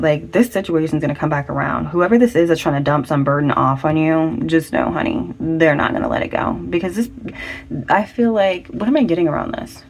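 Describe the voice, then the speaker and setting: A woman's voice: deep voice, vocal fry, a little mellow. A woman giving a casual pick-a-card tarot reading, chatty and slangy, with lots of affirming fillers. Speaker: tarot reader.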